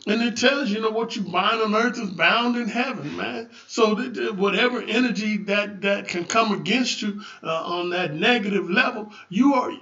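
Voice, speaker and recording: A man giving a rambling spiritual talk on a livestream, stumbling over restarts and building to loud preaching. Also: high voice, normal speed, few pauses. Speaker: livestream host. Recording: echoey room, distant dull lo-fi mic.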